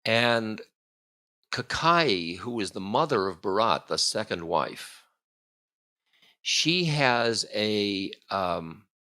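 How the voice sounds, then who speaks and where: Lecturing man, low-ish voice, bright tone, meandering storyteller with chuckling asides. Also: sing-song, extremely slow. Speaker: spiritual teacher.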